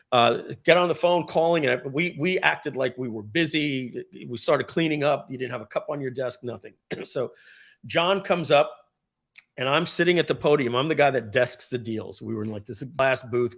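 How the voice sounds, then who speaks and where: A man, a former car dealership general manager, telling a casual story on a live video, clearing his throat often and drifting into rambling asides. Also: medium pitch, lively intonation, a little slow, fairly bright tone.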